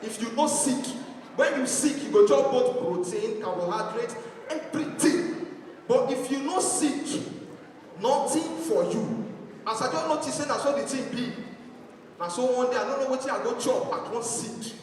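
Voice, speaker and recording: A man with a Nigerian accent performing a stand-up comedy set, telling animated stories and acting out his family. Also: very high-pitched, moderate pace, slight background noise. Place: church hall stage. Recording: echoey hall from far off.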